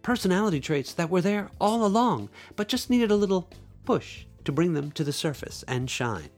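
Man, author reading aloud, playful, animated pitch, somewhat high. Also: normal speed, faint music behind. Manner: expressive storytelling, playful asides. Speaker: podcast host and author. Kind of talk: reading his own short story aloud.

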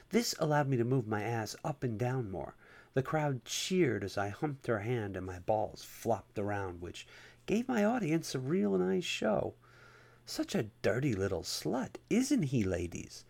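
A man reading a first-person erotic story aloud at a steady, unhurried pace. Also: mid-range voice, gravelly. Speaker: narrator.

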